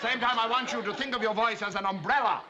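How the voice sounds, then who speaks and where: A man's voice: extremely high pitch, steady tone, quick pace, highs cut off. An actor playing a fussy, pompous male singing teacher in a 1960s sitcom, drilling his pupil with theatrical vocal exercises. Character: fussy, pompous middle-aged male voice coach. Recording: loud studio audience laughter, noisy old TV soundtrack.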